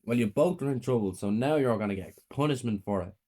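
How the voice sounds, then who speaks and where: A man reading a horror story puts on a cold, abusive mother who draws out her threats slowly in a raised, pinched voice. She scolds and menaces with every word. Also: medium pitch, animated, mellow, natural voice. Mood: menacing. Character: cruel, cold, abusive mother, adult woman.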